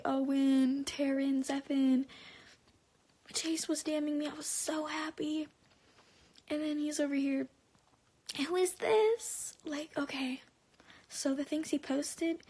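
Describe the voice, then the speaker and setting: A woman telling a personal story on a live stream, rambling with lots of "like" and restarts, sometimes dropping to a soft whisper. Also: high voice, gravelly. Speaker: livestreamer.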